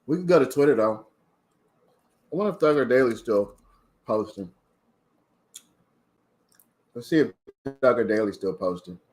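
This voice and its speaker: A man's voice: medium pitch, moderate pace, long pauses, darkish tone. A man from Maryland hosting a casual livestream, chatting and reading out viewer comments. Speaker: livestream host.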